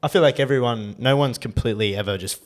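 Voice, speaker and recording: A man's voice: mid-range voice, fast talker. A young Australian man co-hosting a podcast, chatting casually in a blunt way and swearing freely. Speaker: podcast co-host. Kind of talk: casual chat.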